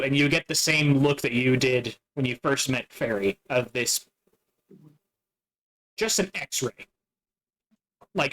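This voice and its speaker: A man narrating a tabletop game as its game master, casual and halting, with many fillers. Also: mid-range voice, a bit bright, rough recording.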